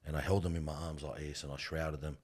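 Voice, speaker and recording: Speaking quickly in a slightly rough bass voice, a middle-aged funeral worker shares stories in a laid-back interview. He's earnest and animated, and he keeps addressing the listener as "bro."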